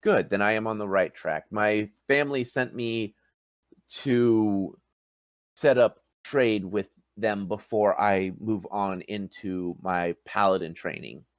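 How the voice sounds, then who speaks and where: A man voicing a confused young human noble training as a paladin, speaking in a halting, formal, courteous way. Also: on the low side, no room sound, studio quality. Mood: formal, dazed.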